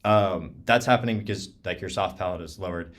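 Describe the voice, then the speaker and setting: A young man with a very low voice teaches clarinet over a video call. He talks loosely and casually, filling his sentences with "um" and "like". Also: brisk. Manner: relaxed, many fillers like "um" and "like". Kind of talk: casual online clinic talk.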